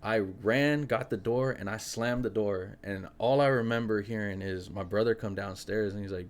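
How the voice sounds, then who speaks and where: A young man hosting a podcast, telling a spooky personal story in an animated, casual way, full of fillers. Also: on the low side, normal speed, hardly any pauses. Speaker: podcast host.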